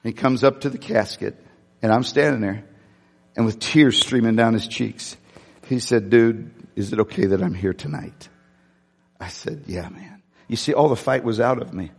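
A man preaching a sermon, telling a personal story candidly and emotionally, swinging from loud to hushed. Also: medium pitch, moderate pace, creaky, big-room sound. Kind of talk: sermon testimony.

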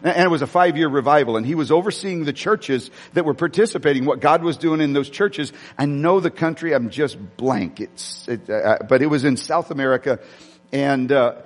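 A man's voice: a little high, moderate pace. A male pastor preaching a sermon, telling a personal story with many restarts and speaking directly to his congregation. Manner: rambling, frequent restarts, addresses congregation directly. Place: church sanctuary. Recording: long hall reverb.

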